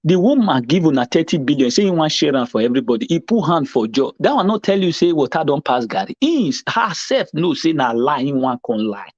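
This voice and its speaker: A man's voice: a little high, big pitch swings, fairly quick, hardly any pauses, no room sound, highs cut off. A Nigerian man giving emphatic, exclamatory commentary as a panelist in pidgin, preaching his points.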